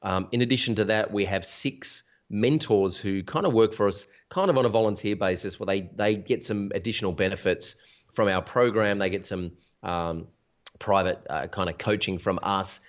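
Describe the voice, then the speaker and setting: A man with a very low voice explains his business to an interviewer, energetic and full of examples, often restarting a thought. The sound is dull and lo-fi. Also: moderate pace. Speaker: interview guest, business founder. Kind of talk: casual conversational interview. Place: Sydney.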